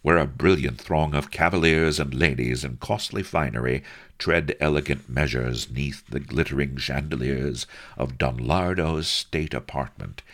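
A man's voice: extremely low pitch, a bit bright. A man narrating a comic story in a dry, wry manner.

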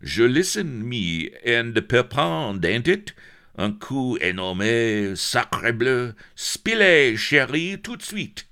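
A man voicing a foppish, lewd male pirate with a mock French accent, excitable and high. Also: slow, clear, resonant tone, full character voice. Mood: eager.

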